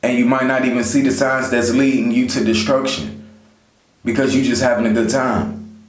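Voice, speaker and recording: Guy vlogging casual life advice to camera, mid-pitch voice, kinda echoey room. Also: level tone, moderate pace. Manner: conversational, repeats "you know", talks straight to viewers. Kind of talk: casual motivational talk to camera.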